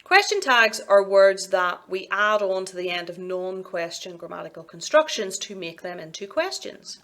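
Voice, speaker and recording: Woman giving a measured university lecture. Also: mid-range voice, animated, a bit bright. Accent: Scottish. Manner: clear, measured explaining with sing-song examples. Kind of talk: recorded lecture narration.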